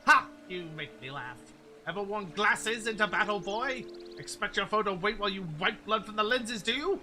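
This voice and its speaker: Picture a gruff veteran drill sergeant from a fantasy game, put on by a man streaming it, barking insults and orders at new recruits. The voice sits high and bright, with soft game music behind it. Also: expressive, moderate pace, exaggerated voice. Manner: barking, scornful.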